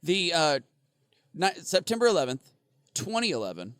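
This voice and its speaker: A man's voice: a little high, very animated, moderate pace, a bit bright, dry recording, studio quality. A man co-hosting a casual podcast, rambling, laughing and swearing freely. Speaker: podcast co-host.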